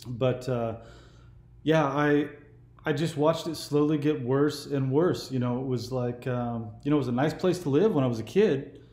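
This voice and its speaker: A man's voice: mid-range voice, moderate pace, a little mellow. Easygoing man in his forties, roomy sound. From California. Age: 40s. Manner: easygoing, meandering talk. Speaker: YouTube host. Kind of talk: casual phone conversation.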